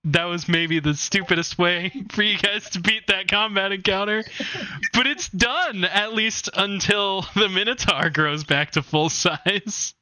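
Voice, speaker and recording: A man narrating a tabletop game as game master, animated and laughing often. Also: sits high, unhurried, dry recording.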